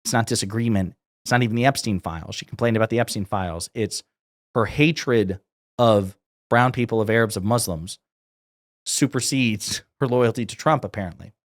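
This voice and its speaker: A man's voice: lowish voice, normal speed, dry recording, studio quality. A man giving sarcastic, indignant political commentary as he reads out quotes and reacts to them.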